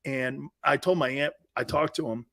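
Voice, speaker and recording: A man hosting a live sports talk show, telling stories in an animated way that swings from hushed asides to loud bursts, with blunt, swaggering banter. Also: mid-range voice, moderate pace, creaky.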